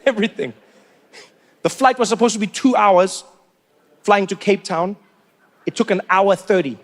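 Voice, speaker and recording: A man, doing an animated stand-up routine full of incredulous questions. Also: sits high, normal speed, slight background noise. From South Africa. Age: 40s. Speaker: stand-up comedian.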